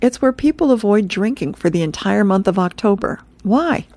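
A woman reading the lines of a male cartoon pig in a high, eager voice. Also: lively intonation, normal speed, a little mellow.

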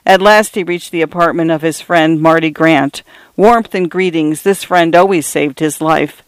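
Man narrating a novel, smooth and dry. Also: fairly high pitch, steady tone, normal speed, no room sound. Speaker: audiobook narrator. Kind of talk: scripted literary narration.

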